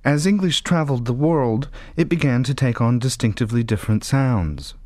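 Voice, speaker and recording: A man narrating a documentary in a measured, clear way. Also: medium pitch, a little mellow, no echo, clean studio sound. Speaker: documentary presenter.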